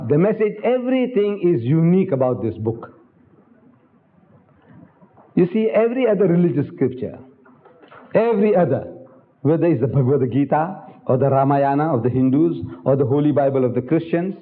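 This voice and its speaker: Emphatic older man lecturing, tinny old tape. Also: on the high side. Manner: emphatic, rhetorical, addresses audience directly. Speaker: Islamic lecturer. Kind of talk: public religious lecture. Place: lecture hall.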